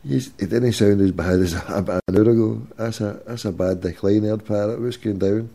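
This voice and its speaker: A man's voice: fairly low pitch, normal speed, gravelly, warm tone. A man with a Glasgow accent hosting, teasing and swearing in casual banter with a caller. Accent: Scottish, Glasgow. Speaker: host. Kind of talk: casual chat.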